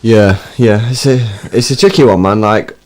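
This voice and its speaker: A man hosting a fan phone-in show, chatting in a relaxed way. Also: lowish voice, moderate pace. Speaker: host. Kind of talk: casual phone-in chat.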